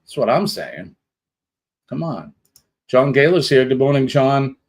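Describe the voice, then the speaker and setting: A man's voice: medium pitch, lively intonation, a little slow, low-quality recording. Rambling man hosting a live stream. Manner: rambling, greeting viewers one by one. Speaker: livestream host. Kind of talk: casual live-stream chat.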